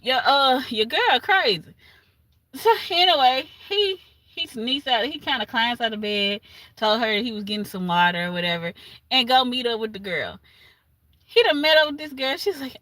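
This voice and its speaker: Bright-voiced woman retelling a story. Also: on the high side, normal speed, no room sound. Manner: animated retelling with laughs and asides. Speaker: livestream host. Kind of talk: casual storytelling recap.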